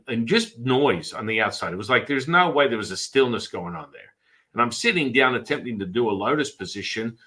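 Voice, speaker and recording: A man's voice: medium pitch, sharp tone, poor audio. A man, a Taoist priest hosting a podcast, chatting casually and telling rambling stories with acted-out quotes. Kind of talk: casual storytelling chat.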